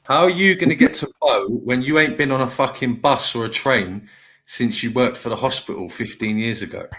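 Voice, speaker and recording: A man's voice: medium pitch, fairly quick, fairly bright tone. A middle-aged man hosting a live stream panel, talking bluntly and lecturing in a heated chat.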